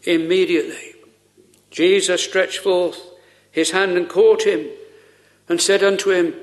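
A man preaching a solemn, earnest sermon with slow pauses, quoting old scripture. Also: high-pitched, a bit bright.

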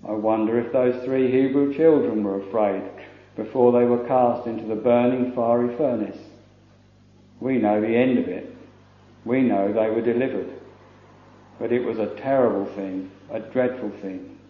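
A man preaching a sermon in a solemn, measured manner, often quoting scripture in old-fashioned wording. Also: medium pitch, steady tone, reverberant, phone-quality sound. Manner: solemn, measured preaching with King James quotations.

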